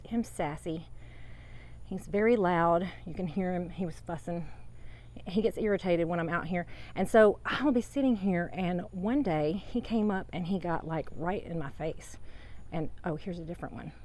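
A woman's voice: lowish voice, a little mellow, slight background noise. A woman chatting casually outdoors in her home garden, rambling about her plants and sharing heartfelt thoughts on faith. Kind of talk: casual garden tour vlog. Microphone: handheld phone camera.

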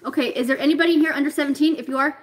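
A woman's voice: high-pitched, steady tone, rapid-fire. A playful, giggly woman co-hosting a storage-unit unboxing, sweaty from the work and teasing as she goes. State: sweaty from working. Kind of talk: casual chat while unboxing.

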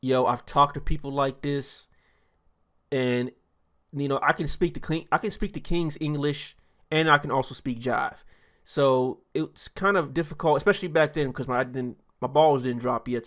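A man's voice: mid-range voice, steady tone, normal speed, a bit bright. A man giving a loose, chatty reaction commentary as a YouTuber, laughing often as he talks.

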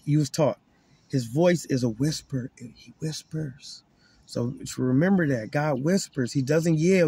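Self-styled prophet, male, slightly raised pitch; emphatic to-camera preaching with stumbling restarts and repetition. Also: darkish tone, slightly rough, no room sound. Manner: emphatic, repeats words as he restarts; repeats key lines for emphasis.

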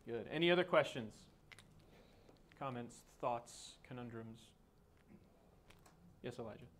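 A man leading a group Bible study, teaching in a relaxed, folksy way with everyday analogies. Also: medium pitch, measured pace. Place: group room with a recording.

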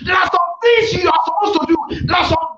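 A man's voice: very high-pitched, fairly quick, bright, forceful tone, raised voice. A man preaching a fervent sermon, declaring and repeating phrases over the congregation. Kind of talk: shouted prayer-meeting sermon. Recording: echoey, dull lo-fi with faint noise.

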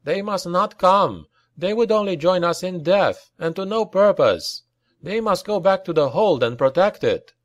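A man's voice: sits high, expressive, a little slow, pitched above the performer's own voice. A man voicing a stern young dwarf prince who gives urgent commands in battle. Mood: grim.

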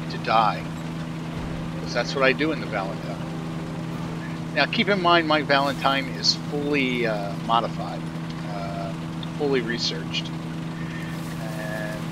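A man giving casual, self-mocking and sarcastic commentary on his own gameplay. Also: mid-range voice. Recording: loud game engine noise behind.

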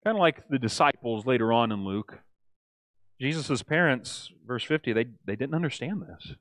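Male bible study teacher, animated delivery with lots of pitch swing, dry close sound, acts out the lines. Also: moderate pace, no room sound. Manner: animated, acts out quoted lines, asks the group "right?". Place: church.

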